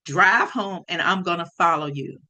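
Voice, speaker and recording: A woman voicing her fuming, protective father as he scolds loudly. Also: lowish voice, normal speed. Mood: angry. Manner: loud scolding.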